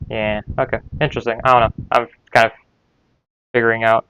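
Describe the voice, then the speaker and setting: A man's voice: mid-range voice, little pitch movement, brisk, bright, forceful tone, clean tone, no room sound, low-quality recording. A man learning a language, thinking aloud in a casual, hesitant way, trailing off and repeating sounds to himself.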